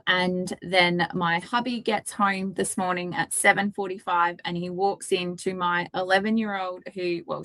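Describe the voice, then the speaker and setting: A woman's voice: lowish voice, fairly bright tone, dry recording. Chatty Australian woman host, dry sound. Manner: chatty, candid storytelling with mild swearing. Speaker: webinar co-host. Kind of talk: casual live webinar chat.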